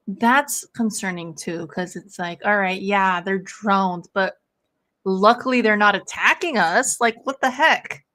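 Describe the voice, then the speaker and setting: Chatting casually with viewers on her watch-along stream, a young woman laughs frequently and peppers her speech with "like." Her mid-range voice sounds pushed and bright.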